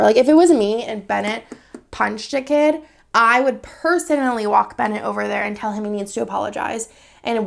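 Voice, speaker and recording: Woman vlogger, thirties, rambling storytime chat, bright-ish pitch with gravelly fry. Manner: chatty, rambling, many fillers. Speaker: planner vlogger.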